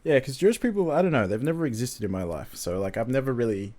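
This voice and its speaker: A man's voice: medium pitch, lively intonation, fast, a little mellow. A young Australian man co-hosting a podcast in loose, hesitant, swearing banter. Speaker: podcast co-host. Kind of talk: casual chat.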